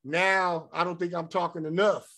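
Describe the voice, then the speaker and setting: A middle-aged podcast host reads spiritual passages aloud, then riffs on them in a candid, profane, personal monologue. His voice sits high and has a bright, forceful tone, though his delivery is flat and moderately paced.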